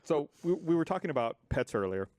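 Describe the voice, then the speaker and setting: A man telling a story on a podcast, animated and swearing freely. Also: a little high, a little fast, dry recording. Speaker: podcast regular. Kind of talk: casual storytelling. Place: podcast studio.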